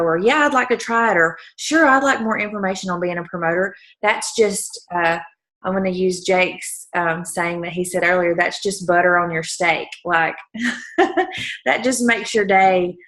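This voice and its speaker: A woman with a lower voice leads a team call. She speaks in an earnest, emotional way, driving her points home by repeating them in a motivational pep talk. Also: a bit bright. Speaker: team leader hosting a call.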